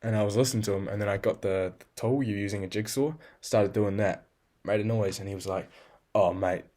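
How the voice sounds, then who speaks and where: Male journal vlogger, lowish voice, blunt and profane, self-critical. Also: fairly even intonation, quick pace, mellow. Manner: scolds himself in the second person. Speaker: video journal keeper. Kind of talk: casual self-talk journal.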